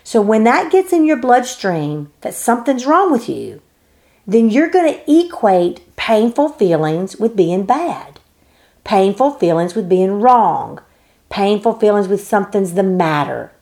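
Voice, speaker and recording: A woman's voice: mid-range voice, sing-song, unhurried, dark tone. A woman teaching in an earnest, emphatic way, briefly acting out the voices she quotes. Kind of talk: explanatory teaching talk.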